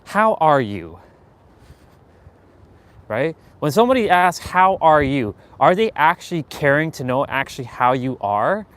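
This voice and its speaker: A man with a voice pitched a touch above the usual talks straight to his viewers in a loose motivational monologue. He is blunt and swears freely, and now and then he slips into quoted bits of everyday small talk. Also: animated, normal speed, few pauses, fairly bright tone. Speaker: host of a daily motivational live stream.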